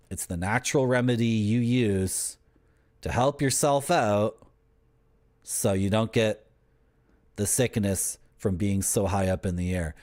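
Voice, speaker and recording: A young man, live-streaming and bantering with his chat in a joking, teasing, rambling way. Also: fairly low pitch. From Canada.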